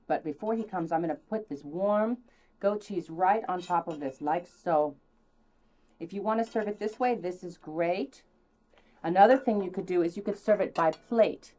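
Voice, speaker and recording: A woman hosting a casual cooking demonstration, chatty and theatrical, now and then dropping mock French phrases with high, excited exclamations. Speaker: cooking show host.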